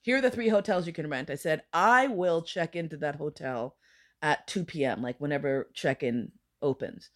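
Woman telling a wild story, kinda low voice, does all the voices, curses a lot. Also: moderate pace. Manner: animated, acts out voices in quotes, swears freely. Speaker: podcast guest. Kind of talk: casual storytelling chat.

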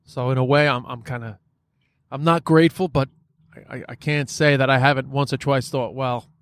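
A man's voice: mid-range voice, fairly even intonation, a little fast, fairly bright tone, clear, resonant tone, no room sound. A man hosting a podcast, talking in a casual, frustrated monologue, swearing often and filling his speech with "like" and "you know.". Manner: frustrated, profane, many fillers.

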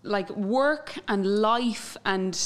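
A woman's voice: medium pitch, drawn-out words, fairly bright tone. An Irish woman hosting a podcast interview, encouraging her guest and laughing along. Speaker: podcast host. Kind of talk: casual interview.

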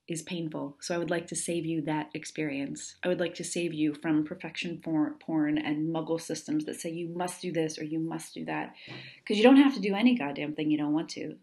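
A woman's voice: sits low, a little mellow. A woman hosting her own podcast in a casual monologue, candid and earnest, swearing freely as she chats. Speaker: podcast host.

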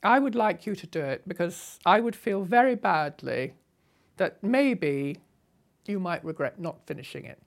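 An older woman telling her life story in an unscripted, assertive and brisk way. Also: fairly low pitch, vocal fry. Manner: brisk, assertive, animated retelling with laughs. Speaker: storyteller recalling her past. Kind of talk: unscripted spoken memoir.

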